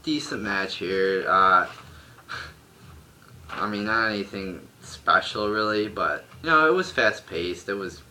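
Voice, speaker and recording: A man's voice: fairly low pitch, animated, slow, bright, forceful tone, a little hiss or hum. A young man reviewing a wrestling show at home, ranting bluntly with a lot of swearing. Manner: profane, blunt, exasperated ranting. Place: home room.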